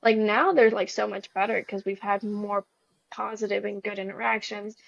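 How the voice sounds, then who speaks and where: A woman's voice: mid-range voice, steady tone, moderate pace, creaky, dry recording. A young woman talking as a guest, sharing a personal story in an earnest, rambling way. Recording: slightly dull recording.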